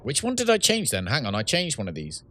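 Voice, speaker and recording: A man's voice: mid-range voice, huge pitch swings, quick pace, bright, forceful tone, a little hiss or hum. A man, chatting casually with viewers while playing a game live, reading out chat messages and laughing often. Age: 30s. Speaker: streamer and host. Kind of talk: casual livestream gaming chat.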